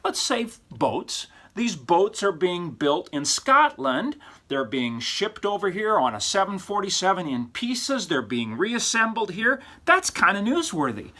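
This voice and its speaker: Speaking a little slowly in a high voice, this male college professor gives his students recorded feedback. He teases them with great animation, asking rhetorical questions and slipping into goofy, exaggerated voices.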